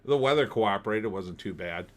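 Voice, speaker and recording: A man with a fairly low voice hosts a relaxed livestream. He chats loosely about his week and reads viewer comments aloud as he goes. He sounds middle-aged and is from New Jersey. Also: fairly quick. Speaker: livestream host. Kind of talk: casual livestream chat reading comments.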